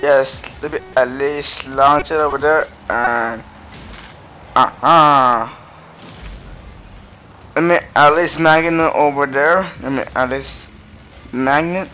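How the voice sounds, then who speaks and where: A man's voice: a little high, steady tone, takes it slowly, pauses often, bright, forceful tone. A man giving casual gameplay commentary, giggling and playing up mock anger with lots of rambling filler sounds. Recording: dull lo-fi mic with faint noise.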